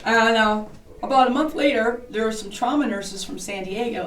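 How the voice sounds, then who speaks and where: A woman's voice: a little high, normal speed. A woman giving a guided tour, a chatty, jokey storyteller who talks a lot. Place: inside an old historic building. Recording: roomy, distant camera mic.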